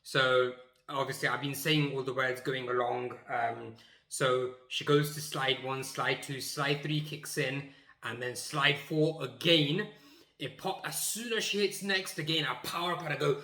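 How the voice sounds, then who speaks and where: A young man telling a funny story from his school days, animated and emphatic, acting out the scenes. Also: medium pitch, unhurried, echoey room. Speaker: YouTuber. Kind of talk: comic storytelling.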